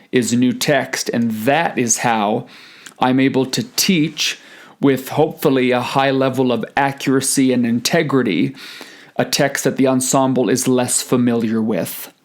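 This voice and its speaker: A man who is a choral conductor, explaining rehearsal methods in a deliberate presentation. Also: mid-range voice, steady tone. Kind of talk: recorded conference presentation.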